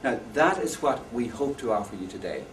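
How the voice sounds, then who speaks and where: A man's voice: medium pitch, animated, a little fast. A man giving a talk on education to an audience, telling jokes and asking listeners questions. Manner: anecdotal, jokey, asks the audience questions. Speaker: conference speaker. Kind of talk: lecture to an audience. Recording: echoey hall, far from mic, faint noise.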